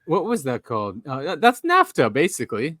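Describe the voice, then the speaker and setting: A man's voice: on the high side, huge pitch swings, fairly quick, fairly bright tone, no echo, studio quality. A man hosting a podcast in casual chat, chatty and eager to explain things. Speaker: podcast host.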